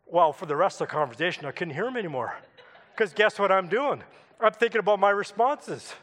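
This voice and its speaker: Storytelling preacher in an echoing hall. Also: male voice, sits high, animated, fairly quick, a bit bright. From Canada. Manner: conversational storytelling with asides to the congregation. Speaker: pastor. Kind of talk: sermon.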